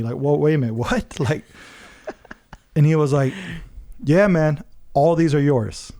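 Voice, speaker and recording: A man's voice: fairly high pitch, a little mellow. A man on a podcast telling a personal story in a casual way, acting out the people he quotes and laughing often.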